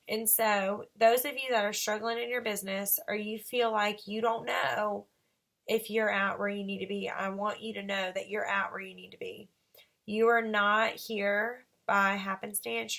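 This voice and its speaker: A woman's voice: mid-range voice, fairly bright tone. A woman, earnestly telling a story to her sales team in a casual motivational vlog. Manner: earnest storytelling, quoting others. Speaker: direct sales team leader.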